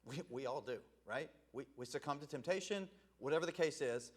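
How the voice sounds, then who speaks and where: A man's voice: mid-range voice, brisk, breathy edge. A middle-aged man preaching a conversational sermon, often asking "right?" and laughing at himself. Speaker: evangelist preacher.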